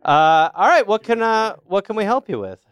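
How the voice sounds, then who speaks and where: Man, podcast host, playful and upbeat, smooth voice, dry sound. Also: high voice, big pitch swings, moderate pace, a bit bright, no echo. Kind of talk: casual chat.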